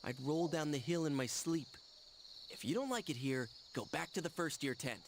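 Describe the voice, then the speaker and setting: A man's voice: on the high side, lively intonation, normal speed, slight background noise. A man voicing a sarcastic, teasing teenage boy who cracks jokes, in video game dialogue. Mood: wry. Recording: game dialogue over loud music. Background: game music.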